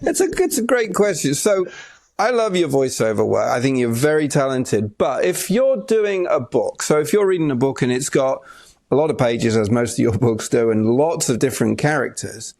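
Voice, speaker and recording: A man from Britain hosting a casual interview, laughing often and teasing his guest warmly. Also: medium pitch, animated, normal speed, creaky. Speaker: podcast host.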